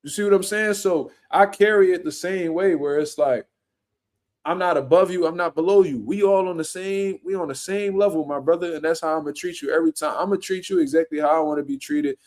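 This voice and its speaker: Young philly dude, boxer, cussing and storytelling, voice sits a bit high. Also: male voice, fairly quick. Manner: animated, profane street slang storytelling. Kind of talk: casual podcast chat.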